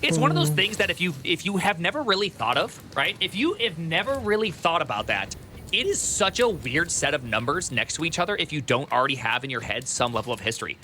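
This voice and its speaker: A man casually reacting to a video during a live stream, rambling and excitable, laughing often and restarting sentences. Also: a little high, brisk, noisy background.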